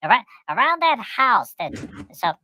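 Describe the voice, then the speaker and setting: Rambling third-person chatterbox voiced by a woman, bright tone, dry mic. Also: on the high side, big pitch swings, moderate pace, no room sound. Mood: chatty. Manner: rambling, repeats words, speaks of itself in third person. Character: cheerful guest who talks about itself in third person. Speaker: podcast guest. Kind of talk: rambling storytelling chat.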